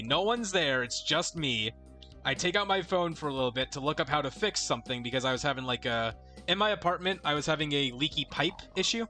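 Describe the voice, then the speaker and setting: Young man, bright tense voice, rambling profane storytelling, faint game music behind. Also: mid-range voice. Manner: rambling, profane, self-interrupting. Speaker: let's play co-host. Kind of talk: casual storytelling while gaming.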